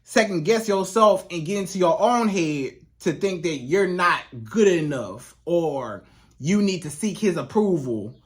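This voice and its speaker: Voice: medium pitch, expressive, measured pace. Emphatic dating coach talking to viewers. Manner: emphatic, repetitive, talks straight to the viewer. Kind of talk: casual advice monologue to camera.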